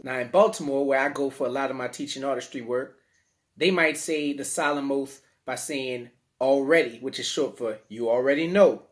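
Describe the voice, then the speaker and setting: A man with a New Orleans accent, teaching children in a playful, slangy, animated way. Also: medium pitch, moderate pace. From New Orleans, USA. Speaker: teaching artist. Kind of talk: children's lesson to camera.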